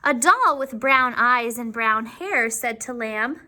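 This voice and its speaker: Teacher reading aloud to little kids, slow and very expressive, bright voice. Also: female voice, fairly high pitch. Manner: slow, expressive, with asides to the children. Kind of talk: reading a picture book aloud to young children.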